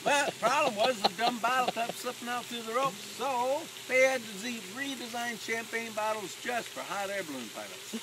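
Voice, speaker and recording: Playful high-voiced balloon pilot telling tales. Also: male voice, moderate pace, few pauses, crowd noise, rough recording. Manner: playful, teasing, laughs at his own jokes. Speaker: hot air balloon pilot. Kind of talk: storytelling to passengers.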